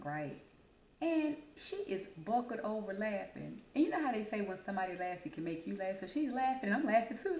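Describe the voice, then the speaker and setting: Animated woman telling a story. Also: roomy sound. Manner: animated, high squeaky voice for quoted childhood self; Southern-style American vernacular, addresses audience as y'all. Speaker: host. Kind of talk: casual storytelling to viewers.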